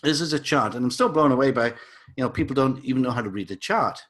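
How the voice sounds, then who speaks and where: Excited man selling a chart lesson. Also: mid-range voice, fast talker. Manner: enthusiastic, salesy, with asides and repeats. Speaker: crypto educator.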